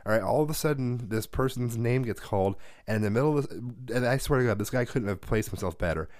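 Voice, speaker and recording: A man's voice: medium pitch, lively intonation, fast talker, a little mellow, dry recording, clean studio sound. A man co-hosting a podcast in casual chat, ranting and swearing freely as he tells a story. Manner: profane, ranting. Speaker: podcast co-host.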